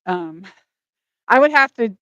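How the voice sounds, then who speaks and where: A woman's voice: a little high, expressive, slow pace, sharp tone, dry recording. A woman hosting a livestream while walking outdoors by a lake, out of breath, rambling and apologetic as she talks to her chat through a phone on a gimbal. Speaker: livestream host.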